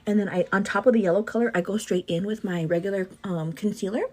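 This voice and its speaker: A woman's voice: mid-range voice, fast talker. A woman in her thirties hosting a beauty livestream, talking non-stop and a bit out of breath, calling her viewers "girl" as she answers their comments. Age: 30s. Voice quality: energetic, hyperactive delivery. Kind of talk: casual livestream chat.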